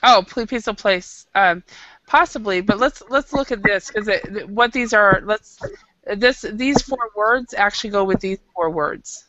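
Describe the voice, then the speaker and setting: A woman's voice: mid-range voice, a little slow, lo-fi sound, noisy background. A woman teaching an English class, patient and explaining with frequent restarts. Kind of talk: classroom lesson.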